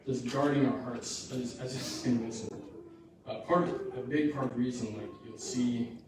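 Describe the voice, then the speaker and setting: A man's voice: medium pitch, steady tone, normal speed, noisy background. A male pastor preaching and making informal asides to his congregation, heard far off in an echoey church hall. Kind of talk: sermon.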